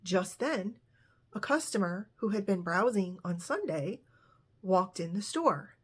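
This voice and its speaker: A woman's voice: medium pitch, expressive, a little slow, husky. A woman telling a true story in a casual narrating voice, now and then briefly voicing the people in it. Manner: retells dialogue with light voicing of characters.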